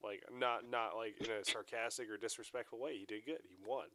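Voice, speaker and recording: Talking briskly in a lowish voice, this podcast co-host keeps things casual and animated, cursing a lot and voicing other people's quotes loudly. Background noise can be heard.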